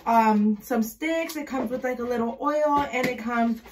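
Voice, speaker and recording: A woman's voice: fairly high pitch, measured pace, noisy background. Profane, chatty young woman vlogging. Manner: profane, dramatic, scared chatter. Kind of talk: casual vlog. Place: at home.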